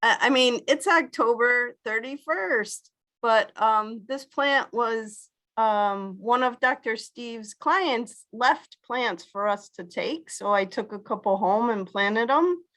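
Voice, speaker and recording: Slow, halting middle-aged woman. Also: fairly high pitch, fairly bright tone. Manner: halting, full of ums. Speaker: participant, mother. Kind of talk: casual sharing on a video call. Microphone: video call.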